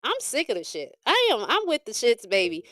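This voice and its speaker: Woman, tarot reader, high voice, swooping lively pitch, blunt and profane, dry close sound. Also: fairly quick, no echo. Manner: blunt, profane, animated ranting; frequent laughter. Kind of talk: livestream tarot reading.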